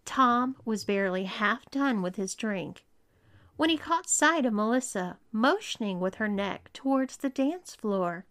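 A woman narrating an erotic story in a slow, unhurried read. Her voice sits a little high for a woman, and she keeps her delivery even and measured throughout. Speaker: erotica reader.

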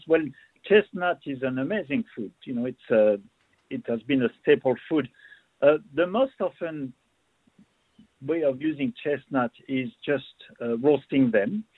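A man's voice: medium pitch, slightly rough, no echo. A man, a chef guest describing food with relish in casual radio chat. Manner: warm enthusiastic food talk, restarts. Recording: tinny phone line.

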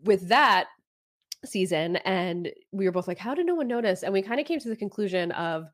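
A woman's voice: medium pitch, expressive, moderate pace. A woman co-hosting a podcast, recapping a reality show in casual chat and mimicking what people said. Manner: chatty, quotes people in playful voices. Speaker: podcast co-host.

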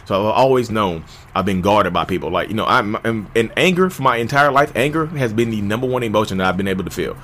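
A man in his thirties hosts a podcast and tells his own story in a candid, conversational monologue, calling listeners "y'all." He talks fast and jumps to a shouting pitch when reenacting arguments.

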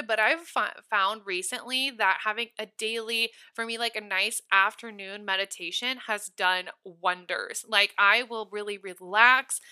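A woman's voice: mid-range voice, sharp tone, clean tone. A young woman in her twenties hosting a solo podcast, chatty and upbeat, full of "like" fillers. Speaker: podcast host. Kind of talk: casual solo podcast talk.

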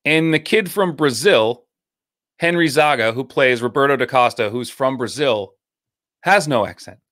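A man with a middle-pitched voice co-hosts a casual movie review podcast. He speaks bluntly, with a sarcastic edge and frequent swearing. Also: moderate pace, fairly bright tone. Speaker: podcast co-host.

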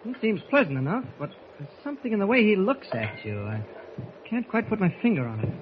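A man's voice: high-pitched, very animated, brisk, slight background noise. A man playing a polite, inquisitive reporter in 1940s radio acting on an old, dull recording. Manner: polite, probing questions. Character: calm, inquisitive male newspaper reporter.

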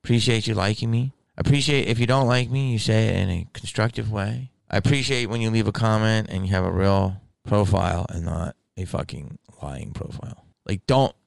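A deep-voiced man with a gravelly edge talks in a loose, profane ramble. He tells stories from a convention in a casual monologue to camera, recorded dry and close with no room sound. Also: moderate pace, few pauses, no room sound. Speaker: stand-up comedian and convention guest.

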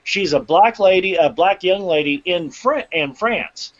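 A man's voice: sits high, expressive, unhurried. A man hosting a segment on a casual podcast, joking around and then explaining at length. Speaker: segment host. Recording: dull lo-fi sound.

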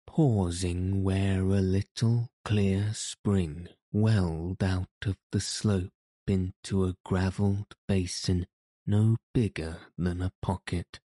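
A man narrating a classic adventure novel in a measured, even way. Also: low-pitched, dry recording, clean studio sound. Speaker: audiobook narrator.

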